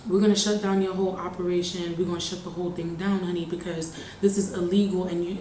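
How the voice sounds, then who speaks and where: A woman's voice: medium pitch, darkish tone. A young adult woman vlogger telling a personal story casually, bluntly and with emphasis, often swearing. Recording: echoey room, faint background hum.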